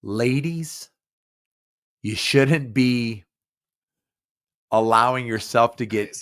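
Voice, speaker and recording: A man's voice: medium pitch, drawn-out words, fairly bright tone. A drunk man hosting a podcast, slurring his speech, rambling and stumbling over repeated words. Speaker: podcast host. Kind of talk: casual live podcast talk.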